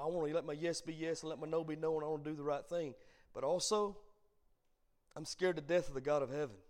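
Pastor guy preaching at bible study, bit high voice, lilt, goes quiet then really loud. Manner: swings from hushed asides to loud emphatic preaching. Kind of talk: sermon.

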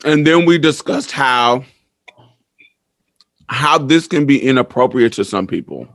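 A man co-hosts a podcast in easy, casual chat. He gives his view frankly and in plain words. His voice is recorded close and dry, with a mid pitch. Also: animated, a little slow, a bit bright, dry recording. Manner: chatty, frank, gives opinions. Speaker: podcast co-host.

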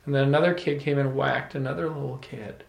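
A man telling a personal story to a small audience, animated, often laughing and restarting his words. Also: medium pitch, fast, gravelly. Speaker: salon speaker. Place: room with a small live audience. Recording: echoey room.

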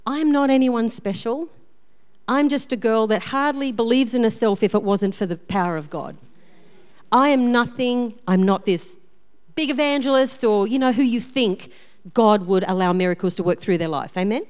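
A woman pastor preaching a sermon, telling personal stories in a lively, self-deprecating way. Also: on the high side, moderate pace, clear, resonant tone. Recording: long reverb of a large hall.

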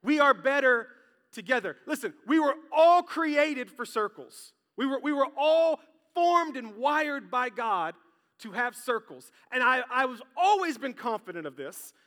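A man preaching a sermon as pastor, lively and joking, talking straight to his congregation. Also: very high-pitched, normal speed. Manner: lively, jokey, talks straight to the crowd. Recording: long hall reverb.

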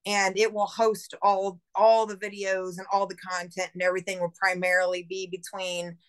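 An independent filmmaker on a podcast rambles casually, swearing heavily and saying "like" all the time, yet her delivery is completely flat. Her mid-range voice is a bit bright, clear and resonant, at normal speed.

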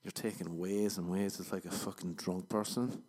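A man's voice: deep voice, fairly even intonation, normal speed, darkish tone. A man hosting a podcast, rambling through a comedic monologue full of swearing and self-mocking jokes. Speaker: podcast host.

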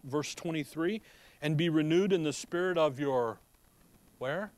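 A man with a touch of a Chicago accent preaches through scripture in a higher-than-usual voice. He talks conversationally, reads verses aloud and keeps asking his listeners questions. The sound is dry and close, with almost no room echo. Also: a little slow, a little mellow. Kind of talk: Bible teaching sermon.

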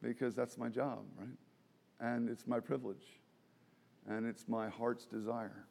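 A man preaching a sermon as pastor in a church service, animated and self-deprecating, often restarting his sentences and laughing. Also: mid-range voice, unhurried, creaky, husky. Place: church during a worship service.

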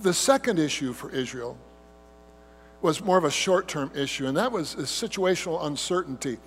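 A man preaching a sermon as pastor, telling the story with animated delivery and mimicking whiny grumbling voices. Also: on the high side, normal speed. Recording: hum with long hall reverb.

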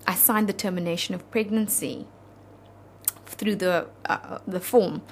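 A South African woman in her thirties, an interview guest telling a personal story in an earnest, halting, heartfelt way. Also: lowish voice, steady tone, slight background noise.

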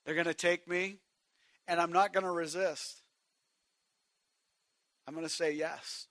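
Man, pastor, sermon, high voice, hushed to shouted swings, dry close sound. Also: steady tone, measured pace, dry recording. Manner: direct address to the congregation.

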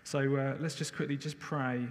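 A man with a croaky, hoarse voice giving a sermon and leading prayer, talking casually with many fillers. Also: mid-range voice, little pitch movement, moderate pace. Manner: conversational, with many fillers and restarts. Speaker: preacher. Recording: long hall reverb.

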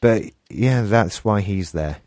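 A man's voice: on the low side, lively intonation, takes it slowly, a little mellow, dry recording. A man with an English accent co-hosting a podcast, musing in a casual discussion and thinking aloud with restarts. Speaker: podcast co-host.

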